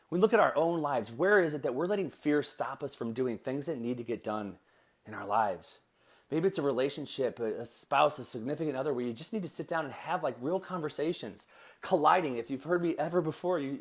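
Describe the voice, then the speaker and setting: A middle-aged man tells a family story in a casual, earnest way and speaks straight to his listeners as a podcast host. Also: a little high.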